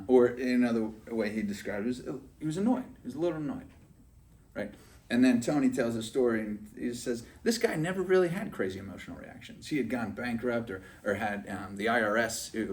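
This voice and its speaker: A man's voice: medium pitch, far from the mic. A man giving a motivational sales training talk, chatty and often asking "right?" to check in with his listeners.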